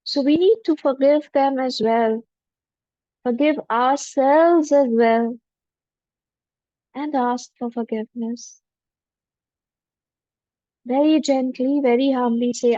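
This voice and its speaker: A woman, a spiritual teacher leading a guided forgiveness meditation in a gentle, humble voice with repeated affirmations. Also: high-pitched, takes it slowly, long pauses, no echo. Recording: dull lo-fi dry recording.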